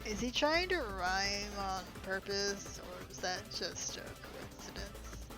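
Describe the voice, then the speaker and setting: A woman's voice: mid-range voice, expressive, slow pace, music in the background, rough recording. A young woman streaming a game, reading it aloud and reacting with incredulous, laughing, sweary remarks.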